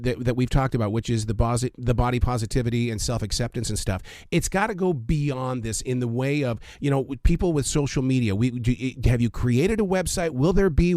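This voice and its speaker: A man's voice: medium pitch, a little mellow, no echo, studio quality. Rambling male radio interviewer. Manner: long rambling questions with stumbling restarts.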